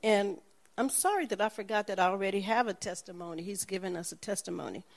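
Woman preacher, middle-aged, animated storytelling, medium pitch. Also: fast, creaky. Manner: animated storytelling, acts out the people in her story. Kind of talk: sermon with personal testimony.

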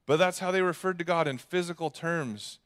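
In a slightly high, fairly bright voice, a young man delivers a sermon fairly quickly. He's a pastor with a conversational, jokey style, slipping in acted asides.

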